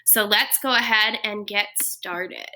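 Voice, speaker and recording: A woman's voice: mid-range voice, takes it slowly. A woman, a first grade teacher, cheerfully reading a picture book aloud to young children. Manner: cheerful, expressive storytelling.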